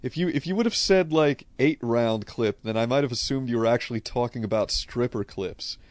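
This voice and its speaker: Man, New England accent, blunt, profane, rambling casual chat, mid pitch, dry close sound. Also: fairly quick, no room sound. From Connecticut, USA. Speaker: streamer answering viewer questions.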